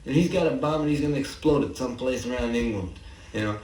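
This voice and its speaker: Young man, mid-pitched, halting drawl, casual rambling anecdote; distant, roomy 1963 home tape. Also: darkish tone. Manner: halting, drawling, full of "uh" and "you know". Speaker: songwriter giving commentary. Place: apartment living room.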